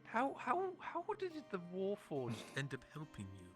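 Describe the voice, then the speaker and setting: An inquisitive elf voiced by a man who muses aloud and teases his companion. His pitch sits in the middle but swings widely and animatedly. The scene is a live fantasy roleplay. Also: very animated, a little fast, soft background music, natural voice. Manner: inquisitive, teasing, musing aloud. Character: curious, gossipy male elf, playful. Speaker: roleplay player.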